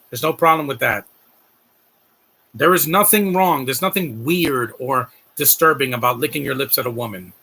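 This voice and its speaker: A man's voice: medium pitch, gravelly, bright, forceful tone, a little hiss or hum. A man doing casual live-stream commentary on a film, gushing and rambling as he talks to his chat.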